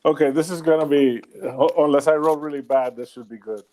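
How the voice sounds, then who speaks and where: A man's voice: a little high, a little fast, mellow. A man playing a tabletop role-playing game, talking bluntly and swearing freely. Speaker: player. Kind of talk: casual tabletop play.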